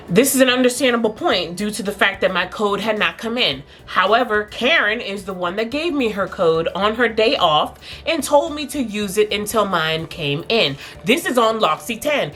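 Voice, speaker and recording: A young woman vlogger telling a personal workplace story in a casual, animated way, laughing at times, with faint music behind her. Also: on the low side.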